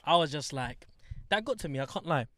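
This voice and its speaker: Animated young London man telling a story. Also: brisk. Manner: animated storyteller, acts out other people in high voices. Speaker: podcast co-host. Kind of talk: casual chat. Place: studio.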